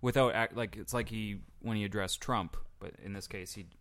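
Canadian male podcast co-host, low-pitched, smooth voice, wry. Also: fairly even intonation, normal speed, fairly bright tone. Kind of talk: casual podcast chat.

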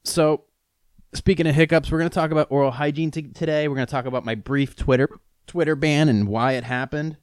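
A man's voice: fairly high pitch, steady tone, brisk, clean tone, no echo, studio quality. A man hosting his own podcast in a rambling, profane, self-mocking chat, struggling with the hiccups. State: has the hiccups. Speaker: podcast host. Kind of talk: casual solo podcast rant.

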